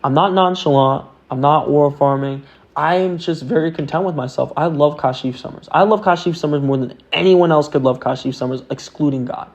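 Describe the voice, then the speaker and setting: A man's voice: on the high side, brisk. A young man vlogging to himself in an earnest, rambling way, full of fillers. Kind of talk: casual self-talk monologue. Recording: dull lo-fi sound.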